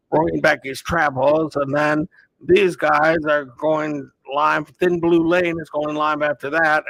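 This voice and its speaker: Bright gravelly-voiced male streamer. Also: a little high, poor audio. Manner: rambling and relaxed, chatting to viewers. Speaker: live streamer. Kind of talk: casual live-stream chat.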